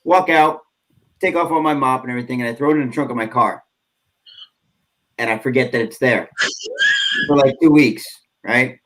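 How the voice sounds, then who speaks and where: On a podcast, a man with a medium-pitched, somewhat bright voice rambles through casual stories, laughing often and using fillers. He pauses frequently, and the recording is rough.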